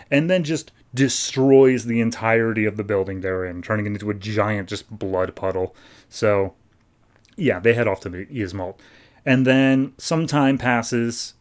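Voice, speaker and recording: A man's voice: lowish voice, unhurried. A man hosting a podcast, recapping and reviewing comics in loose, chatty talk full of "like". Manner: loose, filler-heavy talk with frequent "like". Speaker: podcast host.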